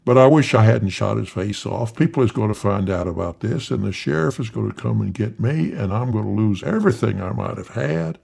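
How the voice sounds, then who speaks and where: A man voicing a panicky, self-pitying old farmer who blubbers and wails, with a gravelly voice. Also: fairly low pitch, animated, brisk, hardly any pauses, darkish tone, heavily acted. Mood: panicky whining.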